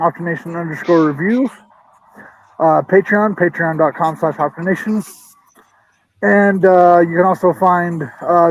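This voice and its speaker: Man, high-pitched, out of breath, halting, ums and uhs, video call, collector chat. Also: rough recording. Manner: hesitant, many uhs and ums. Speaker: toy collector and store owner.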